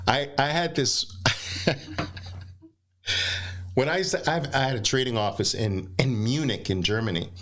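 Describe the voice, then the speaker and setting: A man's voice: medium pitch, a little slow, long pauses, a bit bright. A middle-aged man running a live trading seminar, emphatic and teasing, with punchy exclamations. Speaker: trading instructor.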